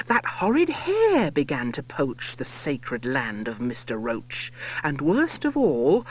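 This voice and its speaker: Male audiobook narrator, rhyming storybook, playful, theatrical, slow, hugely varied pitch, some whispered lines. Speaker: audiobook reader.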